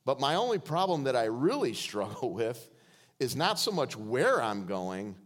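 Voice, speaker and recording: A man preaching a sermon as guest preacher in a church, joking and calling on the congregation to answer him. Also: mid-range voice. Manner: joking, calls on the congregation to respond.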